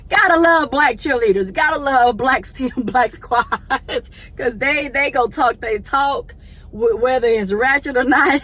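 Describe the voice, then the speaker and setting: Animated, laughing woman vlogger. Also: fairly high pitch, normal speed, a little hiss or hum. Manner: animated, laughing often, chatty; slangy, addresses viewers as y'all. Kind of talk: casual storytelling to viewers.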